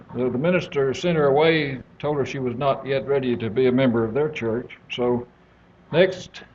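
A man's voice: on the high side, darkish tone. A man from East Texas with a Texan accent, a guest speaker giving a folksy sermon that opens with a joke. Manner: drawling, joking storyteller. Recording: dull lo-fi audio with faint hiss.

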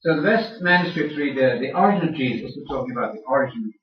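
Speaking fast in a slightly high voice, an older man delivers a lively sermon-style lecture to a church audience, teasing them and prodding them with pointed questions. He sounds distant in the large, echoey room, and the recording is dull and muffled.

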